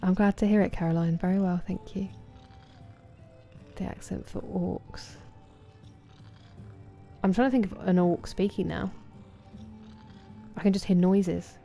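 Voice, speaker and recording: Young woman streamer, mellow voice, chatting w chat, faint music under. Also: lowish voice, fairly even intonation, moderate pace. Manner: chatty, greets chat by name. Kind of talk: casual chat with viewers while gaming. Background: game music.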